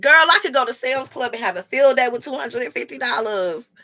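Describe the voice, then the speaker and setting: A woman's voice: high-pitched, expressive, fairly quick, pushed and bright. A woman talking casually with her livestream viewers, blunt and profane. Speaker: livestream host reading chat.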